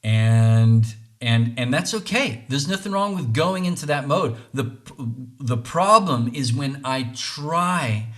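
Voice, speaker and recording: A man's voice: medium pitch, animated, slow, fairly bright tone. A man hosting a podcast, talking through relationships in an earnest, reflective monologue, often restarting phrases and checking in with "right?". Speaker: podcast host.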